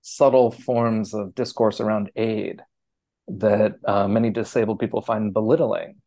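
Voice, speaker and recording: A man being interviewed, answering in a thoughtful, hesitant way with many pauses, fillers and restarts. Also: on the low side, fairly even intonation, mellow, no echo. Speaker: architecture scholar, interviewee.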